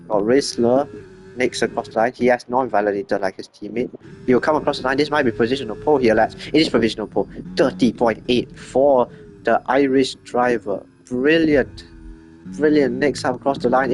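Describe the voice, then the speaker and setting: Male race caller, average-pitched voice, rapid self-correcting commentary over faint background music. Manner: quick, chatty, corrects himself often. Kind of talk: live sim racing commentary.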